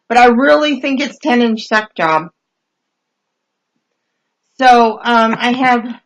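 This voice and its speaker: A woman telling funny stories in a casual, wry, deadpan way, full of hesitant fillers, as she reads out messages she got on a dating site. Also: on the high side, poor audio. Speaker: podcast host reading dating-site messages. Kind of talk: casual comedic storytelling.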